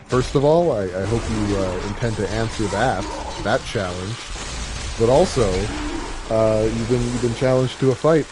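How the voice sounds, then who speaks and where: A man's voice: lowish voice, normal speed. A man streaming a game, chatting casually in a rambling, joking way with many fillers. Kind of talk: casual gameplay chat. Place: home streaming setup. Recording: game audio noise underneath.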